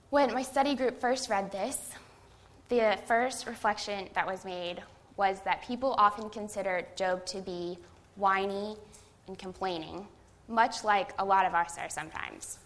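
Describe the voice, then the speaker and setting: A woman's voice: mid-range voice, measured pace. A young adult woman, a seminary student, giving a conversational sermon that opens with a self-deprecating personal story.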